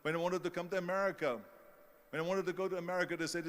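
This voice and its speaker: An older man with a thick Austrian German accent delivers a motivational speech, telling stories with punchy emphasis. His voice sits a bit high for a man. The sound carries the long reverb of a large hall. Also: fairly even intonation, very fast. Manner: storytelling, punchy and emphatic, mimics the doubters. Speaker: motivational speaker.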